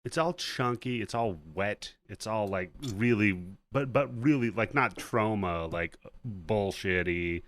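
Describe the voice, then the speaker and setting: Low-pitched man, podcast host, casual movie recap, profane, retells scenes by voicing the characters. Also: a little slow, few pauses, a bit bright.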